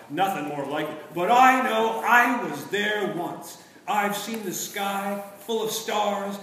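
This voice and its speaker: A man's voice: sits high, a bit bright, pitched above the performer's own voice. A man voicing a gloomy, stubborn male marsh creature who talks as if short of air. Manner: strained, short of breath. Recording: echoey room from far off, noisy.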